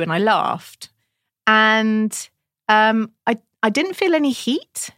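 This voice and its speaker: A woman's voice: fairly high pitch, slow pace, dry recording, studio quality. A woman who works as a doula, chatting casually on a podcast and telling a story, acting out what others said to her. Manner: animated storyteller quoting others.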